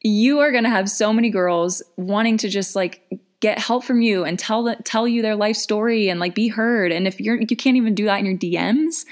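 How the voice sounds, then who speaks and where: A woman's voice: mid-range voice, normal speed. A young woman in her twenties giving casual business coaching advice, chatty with lots of fillers and restarts.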